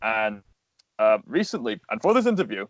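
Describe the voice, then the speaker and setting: A man's voice: fairly low pitch, very animated, moderate pace, dry recording. Earnest young-sounding man, muffled dry sound. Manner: earnest, explains at length with frequent fillers. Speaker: voice actor and animator guest. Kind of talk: casual interview conversation.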